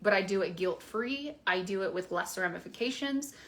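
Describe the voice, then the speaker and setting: A woman's voice: mid-range voice, expressive, normal speed, a bit bright. A young woman coach talking frankly and casually to her viewers, with many fillers. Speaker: keto coach. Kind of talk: casual promotional video talk.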